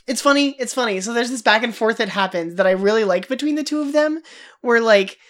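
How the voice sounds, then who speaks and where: Animated woman chatting about a film. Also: a little high, fairly quick. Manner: animated, acts out quoted lines, laughs often. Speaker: podcast co-host. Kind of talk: casual film discussion.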